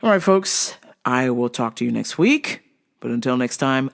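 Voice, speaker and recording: A woman's voice: a bass voice, expressive, moderate pace, gravelly. A woman hosting a podcast, ranting casually and profanely, stretching out words for emphasis and laughing between complaints. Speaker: podcast host.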